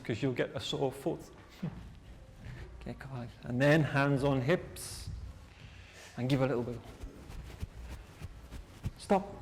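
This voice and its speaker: A man teaching a class, leading slow repeat-after-me drills in a clear, encouraging way. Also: medium pitch, a little hiss or hum. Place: classroom with students.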